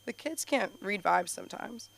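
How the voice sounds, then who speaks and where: A woman doing a stand-up comedy set on a club stage, telling animated stories with constant "like"s. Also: medium pitch, normal speed, vocal fry. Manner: animated storytelling, heavy use of "like". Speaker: stand-up comedian and show host.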